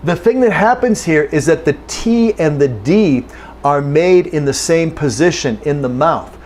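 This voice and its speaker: A man teaching English pronunciation, patiently saying phrases slowly and then at normal speed. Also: on the high side, animated, a little mellow, a little hiss or hum. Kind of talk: pronunciation lesson.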